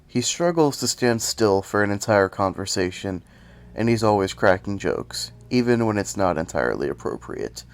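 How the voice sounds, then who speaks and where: A man's voice: fairly low pitch, big pitch swings, moderate pace, gravelly, faint music behind. A man talking casually into the camera, rambling and poking fun at himself, sometimes breaking into cursing rants. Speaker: video essay host. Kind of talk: casual commentary.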